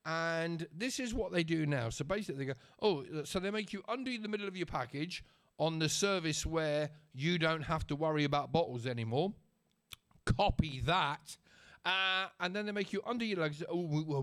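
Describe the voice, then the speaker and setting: Chatty sarcastic man, fairly high voice. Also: fairly bright tone. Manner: chatty and sarcastic, checks in with the listener. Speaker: vlogger. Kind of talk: casual storytelling rant.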